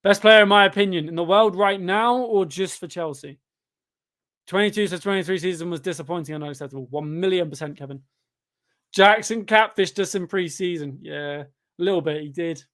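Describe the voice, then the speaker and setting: A man talks football in a relaxed, casual chat, firing off opinions on quick questions. His voice sits a little on the high side. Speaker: football fan guest.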